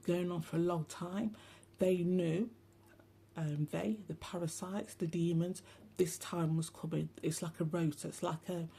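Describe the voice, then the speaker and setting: A woman's voice: on the low side, gravelly, dark tone, slight background noise. A woman hosting a rambling, casual spiritual monologue, talking bluntly, swearing often and turning sarcastic. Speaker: spiritual channel host.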